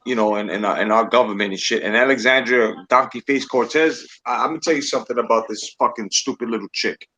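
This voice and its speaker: A man's voice: mid-range voice, fast, few pauses, bright, forceful tone, rough recording. A man hosting a podcast, ranting in casual, profane political chat. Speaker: podcast host.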